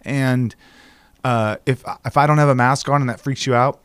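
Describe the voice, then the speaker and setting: A man co-hosts a casual podcast and tells his stories with animated energy, acting out other people's lines as he goes. His speech is loose and peppered with casual swearing. The recording is dry and close, with no room sound around his voice. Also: mid-range voice, moderate pace, smooth, no echo. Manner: animated storyteller, acts out quotes, swears casually. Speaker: podcast co-host.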